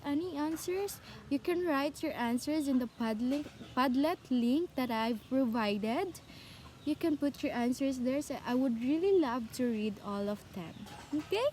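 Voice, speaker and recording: Young woman teacher, Cebuano accent, unhurried, repetitive online lecture, faint hiss behind. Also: high-pitched, mellow. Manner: repetitive, self-correcting, asks the class questions.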